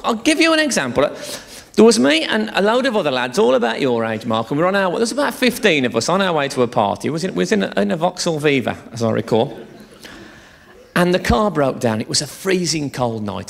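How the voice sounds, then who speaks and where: A male stand-up comedian performs live on a theatre stage with a bawdy, swearing, chatty storytelling manner. His voice sits fairly high for a man and swings around a lot in pitch. A gravelly fry runs through it. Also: big pitch swings, brisk, fairly bright tone.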